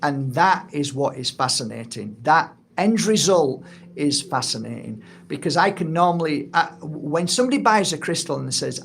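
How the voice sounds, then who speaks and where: Gravelly middle-aged man, earnest. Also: a little high, lively intonation, normal speed, a bit bright. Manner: earnest and heartfelt, acts out little quoted exchanges. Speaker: energy healing teacher and course founder. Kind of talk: casual spoken monologue to camera.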